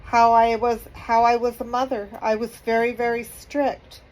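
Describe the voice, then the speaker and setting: A middle-aged woman vlogging, halting and apologetic, crying as she speaks. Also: fairly high pitch, little pitch movement, a little mellow, poor audio. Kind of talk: emotional personal vlog.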